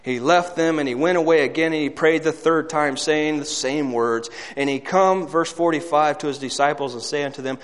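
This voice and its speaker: A man with a high voice preaches a sermon, swinging between hushed, low quoted words and raised, urgent passages. He throws rhetorical questions out to his listeners. His voice rings with a long reverb, as in a large hall. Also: fairly even intonation, moderate pace, few pauses.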